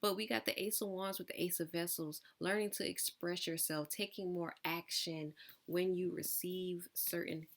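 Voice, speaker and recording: A woman's voice: fairly low pitch, steady tone, normal speed, creaky. A woman giving a collective tarot reading, asking probing questions and breaking off for casual asides. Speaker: tarot reader.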